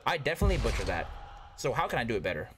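A man's voice: medium pitch, racing. Guy streaming a game, voice jumps all over the place, yelps when stuff goes wrong, faint hiss behind. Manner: excitable, talks to himself, yelps at close calls. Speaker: gaming YouTuber. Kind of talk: casual gameplay commentary.

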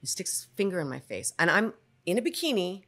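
A woman on a podcast telling a story about a film set, animated and acting out what people said. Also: lowish voice, fast. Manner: animated storyteller, acts out quotes. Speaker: podcast guest.

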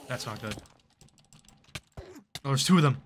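A man's voice: medium pitch, animated, a little slow, a bit bright, a little hiss or hum. A man giving live gameplay commentary, chatting to the creatures on screen and breaking into startled outbursts. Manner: chatty, talks to game mobs, frequent startled outbursts. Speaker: gaming YouTuber.

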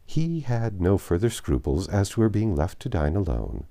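Deep, mellow male narrator. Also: big pitch swings, normal speed. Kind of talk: reading a classic novel aloud.

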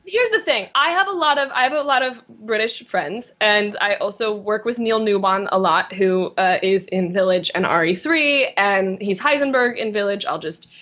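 A young woman talks in a relaxed, bubbly way, laughing at herself and stumbling over restarts as she tells her stories. Her voice sits at a middle pitch. The sound is a little dull and lo-fi, like a remote interview line. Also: moderate pace, hardly any pauses. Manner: bubbly, self-deprecating, frequent restarts. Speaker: voice and motion capture actress, guest. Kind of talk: casual interview chat.

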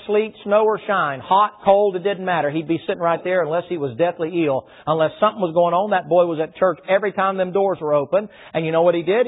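A man preaching a sermon in a folksy style, breaking into loud shouts. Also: on the high side, slightly rough. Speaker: pastor. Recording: tinny phone-like sound.

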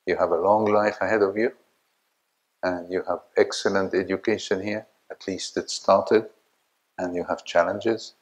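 An older man giving an academic lecture in a slow, halting way with many fillers, sometimes asking the audience questions. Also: low voice, fairly even intonation, rough recording. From Egypt.

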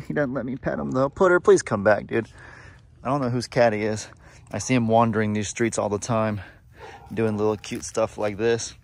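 A man's voice: mid-range voice, normal speed. A man vlogging outdoors on a farm in a casual, chatty way, cooing fondly at the animals in a baby voice. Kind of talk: casual chat to camera.

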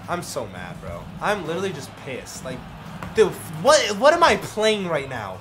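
A young man streaming a basketball video game, frustrated and foul-mouthed. His voice sits high and jumps all over the place, from low grumbles to sudden shouts. Game music plays clearly behind him. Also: huge pitch swings, fairly quick. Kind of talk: live gameplay commentary.

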